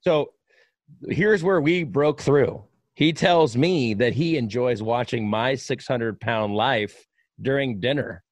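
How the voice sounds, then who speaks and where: A man's voice: mid-range voice, slow, no room sound. A man hosting a podcast, a radio broadcaster who tells stories with emphasis and enthusiasm in casual conversation. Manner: animated storyteller, emphatic.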